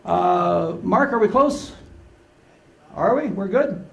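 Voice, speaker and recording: Gravelly older man telling stories. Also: high voice, slow pace. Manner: animated storyteller acting out dialogue. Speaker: conference speaker. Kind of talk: humorous keynote storytelling. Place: large conference hall with live audience. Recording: echoey conference hall.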